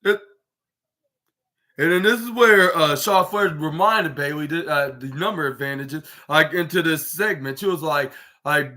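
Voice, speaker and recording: A man with a bright, slightly high voice talks through a wrestling show recap. He rambles, fills every pause with "like" and restarts his sentences, and slips into quoting the wrestlers as he goes. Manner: rambling, heavy use of "like" and restarts, acts out quotes. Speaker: podcast host.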